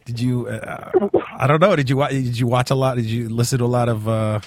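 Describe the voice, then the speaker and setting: A man's voice: medium pitch, brisk, dry recording. A man hosting a podcast in casual chat, chatty with frequent stammering restarts. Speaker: podcast host.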